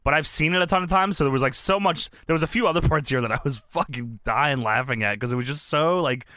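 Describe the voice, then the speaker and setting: A man's voice: a little high, fast, sharp tone, no echo, clean studio sound. A man co-hosting a podcast, recapping wrestling in casual chat, laughing a lot and acting out quoted lines. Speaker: podcast co-host.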